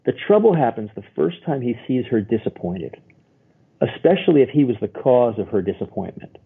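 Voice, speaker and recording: A man, a guest therapist, explaining in an animated storytelling way and acting out the voices he quotes. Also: medium pitch, brisk, gravelly, breathy edge. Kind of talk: expressive explaining. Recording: tinny phone-like line.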